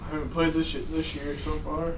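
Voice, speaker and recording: A man's voice: a little high, flat delivery, brisk, a little hiss or hum, poor audio. A man joking and laughing along in casual podcast banter. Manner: laughing, playful. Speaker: podcast co-host or guest.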